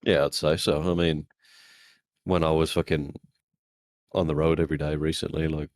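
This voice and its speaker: A man's voice: very deep voice, level tone, moderate pace. A man co-hosting a podcast, chatting in a laid-back way with casual swearing. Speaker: podcast co-host. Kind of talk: casual chat.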